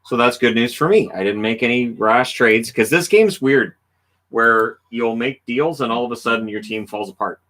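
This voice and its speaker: A man's voice: medium pitch, moderate pace, fairly bright tone. A middle-aged man hosting a casual livestream, talking in an easygoing, rambling way with frequent ums while playing a hockey video game. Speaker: livestream host.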